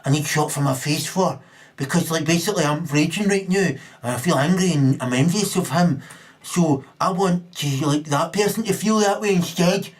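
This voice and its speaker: A man's voice: a little high, moderate pace, pitched above the performer's own voice, natural voice. A man putting on the voice of a spiteful, envious male lout, with a sneering, mocking delivery. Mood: mocking rant.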